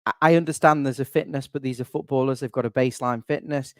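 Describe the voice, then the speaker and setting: Chatty fan-show host, dry sound. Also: male voice, medium pitch, steady tone, quick pace, dry recording. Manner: chatty, wry, rambling asides. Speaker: channel admin and host. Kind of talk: casual fan podcast chat.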